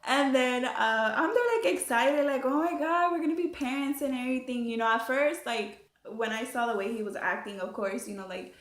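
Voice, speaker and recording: A young woman telling her story in a casual, animated way, full of fillers and swearing. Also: sits high, normal speed, few pauses. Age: young adult. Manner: chatty, animated, swears freely, many fillers. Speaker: vlogger. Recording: echoey room.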